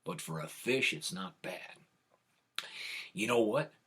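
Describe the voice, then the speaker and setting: A storyteller putting on the voice of Jack, an easygoing grown man who tinkers with wild schemes, speaking low and drawling. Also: big pitch swings, takes it slowly, fairly bright tone, slightly rough, exaggerated voice. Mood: laid-back.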